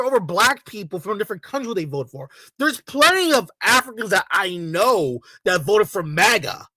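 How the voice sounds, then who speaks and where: A fired-up vlogger delivering a swearing, repetitive rant straight to the audience. The voice sits at a middling pitch in a dry, close-up sound with almost no room around it. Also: sharp tone, no echo. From Latino community in the United States. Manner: angry, profane, repetitive rant. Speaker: video creator. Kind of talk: heated ranting commentary.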